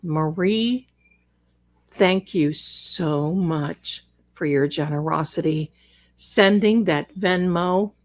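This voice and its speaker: A woman talks slowly and loosely into a desk microphone, hosting a livestream from home. She rambles between thoughts and calls her viewers darling and sister, with a cat settled on her lap. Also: lowish voice. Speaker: livestream host and psychic reader. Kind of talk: casual livestream chat.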